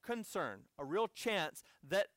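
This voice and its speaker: A man's voice: high-pitched, sing-song, slow, a bit bright, no echo, studio quality. An American man preaching a sermon as a conversational story with asides to the audience. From United States.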